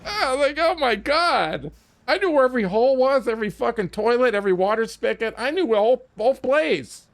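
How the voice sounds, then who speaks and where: Talking fast in a very high voice with few pauses, a game streamer launches into a long, casual, profane story, voicing his own lines and frequently backtracking to restart.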